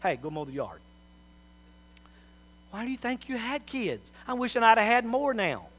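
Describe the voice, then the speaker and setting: A middle-aged man preaching a sermon, telling folksy family stories and swinging from soft asides to loud appeals. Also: extremely high pitch, big pitch swings, normal speed. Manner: folksy storytelling with big swings in loudness.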